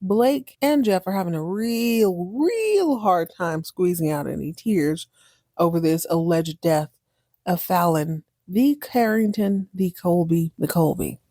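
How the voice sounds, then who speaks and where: Podcast host, woman, sassy recapper, mellow tone, dry close mic. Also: on the low side, slow, no echo. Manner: animated, sassy, breaks into exaggerated voices. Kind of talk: casual recap commentary.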